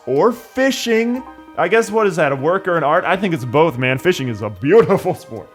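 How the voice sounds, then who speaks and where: A man's voice: fairly high pitch, lively intonation, moderate pace, faint music behind. A young man giving casual let's-play commentary, full of jokey, sarcastic asides.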